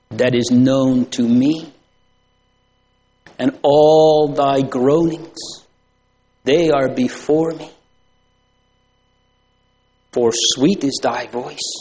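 A man preaching a sermon in a slow, drawn-out, old-fashioned cadence that rises into sing-song emphasis on repeated phrases. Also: mid-range voice, slightly rough.

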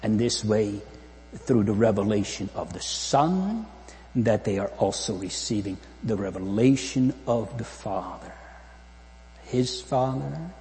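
A man delivering a slow, fervent sermon in a large church. His voice is mellow and dark, and it swings widely in pitch as he asks question after question. Long hall reverb and a low mains hum hang behind every phrase. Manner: fervent, repetitive, rhetorical questions. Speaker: preacher.

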